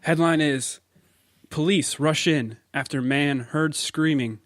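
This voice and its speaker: A man's voice: on the high side, slow pace, no room sound, clean studio sound. A man co-hosting a casual podcast, reading news headlines aloud and laughing easily. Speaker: podcast co-host.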